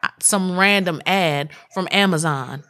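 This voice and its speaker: A woman co-hosting a casual podcast chat, talking bluntly and profanely with animated storytelling into a studio mic. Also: fairly low pitch, measured pace. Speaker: podcast co-host.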